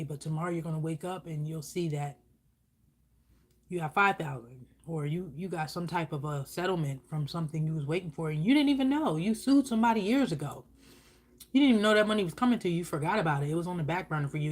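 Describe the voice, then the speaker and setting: A woman's voice: low-pitched, slight background noise. Blunt, casual woman giving a spiritual reading. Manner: casual, profane, lively and blunt. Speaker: spiritual reader. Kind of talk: channeled reading while eating on camera.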